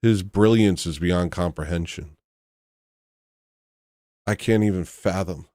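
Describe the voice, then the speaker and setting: A man hosts a casual livestream, chatting to viewers and gushing, sometimes dropping to a choked near-whisper. His voice is low and darkish, and he speaks slowly. The studio-quality recording has no echo.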